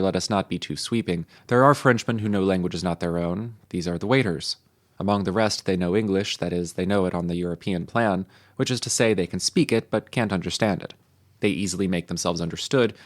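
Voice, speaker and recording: A man reading historical texts aloud in a measured, even manner. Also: low voice. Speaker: reader.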